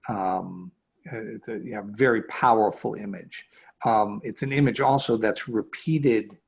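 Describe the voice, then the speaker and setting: A man's voice: fairly low pitch, measured pace, vocal fry, husky. A male rabbi giving a conversational class, hesitant, with many fillers and restarts, over a video call. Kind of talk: conversational lecture. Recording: dull lo-fi video call audio.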